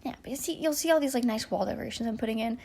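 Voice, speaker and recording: A woman in her twenties giving a chatty, rambling voice-over while building in a game, full of restarts and soft trailing asides. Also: on the high side, very fast, creaky, slight background noise. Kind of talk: casual voice-over commentary.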